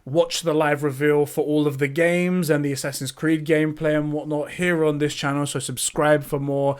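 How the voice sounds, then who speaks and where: A man's voice: fairly high pitch, little pitch movement, moderate pace, smooth. A man co-hosting a casual gaming podcast, telling stories animatedly, swearing and laughing often. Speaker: podcast co-host.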